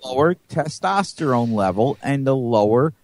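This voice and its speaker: A man co-hosts a live talk show from a studio, answering with dry, teasing, deadpan jokes. The recording is close and dead, with no room sound around his voice. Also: mid-range voice, moderate pace, dry recording. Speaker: co-host. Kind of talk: casual live show banter.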